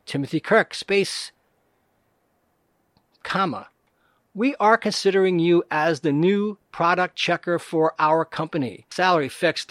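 A man reading scam emails aloud in a deadpan, mocking way, speaking every punctuation mark and space. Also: sits high, no echo, studio quality. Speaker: comedic reader.

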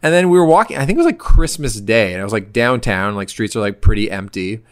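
Man in his thirties, casual podcast co-host from Ontario, animated storyteller who does the voices. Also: on the low side, quick pace. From Southern Ontario, Canada. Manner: animated, acts out voices in quoted lines.

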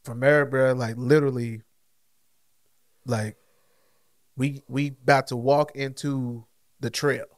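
This podcast co-host's mid-range voice moves slowly, with frequent pauses. Still, his casual, slangy storytelling is animated, and he acts out what others said.

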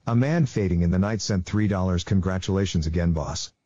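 A low, dark-toned man reads viewer messages aloud in a plain, steady delivery. His voice comes through slightly dull and lo-fi, on a dry mic. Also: brisk. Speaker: co-host reading donations.

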